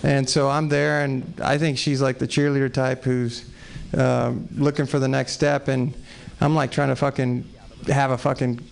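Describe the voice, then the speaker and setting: A man's voice: mid-range voice, little pitch movement, moderate pace, creaky, smooth. A man in his forties from Texas doing rambling, profane, self-deprecating stand-up at an open mic in a small comedy venue. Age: 40s.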